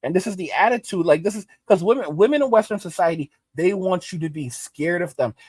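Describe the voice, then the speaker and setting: A man's voice: high voice, expressive, a little fast, darkish tone, slightly rough, no echo. A man doing reaction commentary, emphatic and repeating phrases for stress.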